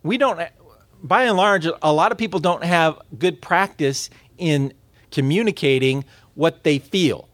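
A man teaching a class on communication. He talks in a lively way, laughs often, quizzes his listeners and repeats words as he restarts. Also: fairly high pitch, measured pace, dry recording. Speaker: instructor.

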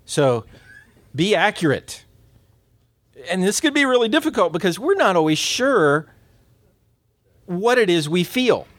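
A man teaching a class on communication. He talks in a lively way, laughs often, quizzes his listeners and repeats words as he restarts. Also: high voice, measured pace, long pauses, no echo, studio quality. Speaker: instructor.

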